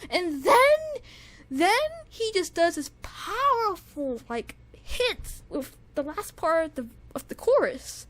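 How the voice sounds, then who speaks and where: A young woman with a high voice reviews music in a casual, gushing way. She repeats herself, stacks up fillers and restarts, and keeps circling back to how amazed she is. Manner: gushing, repetitive, lots of "like" and restarts.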